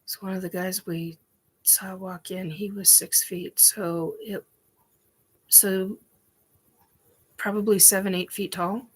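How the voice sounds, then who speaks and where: Slow, rambling woman telling a story. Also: medium pitch, level tone, husky. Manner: rambling, frequent ums and restarts; emphatic, swears casually. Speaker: host. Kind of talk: casual personal storytelling.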